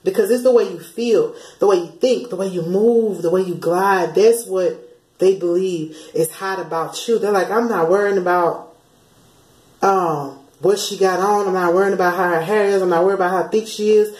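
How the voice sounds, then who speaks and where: A woman talks through spiritual messages in a loose, conversational way, acting out what others say in little quoted voices. Her voice sits at an ordinary middle pitch. The room around her is noticeably echoey. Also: steady tone, moderate pace, darkish tone. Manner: chatty, laughs often, slips into sung lines and quoted voices. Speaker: spiritual channeler. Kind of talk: casual spiritual message vlog.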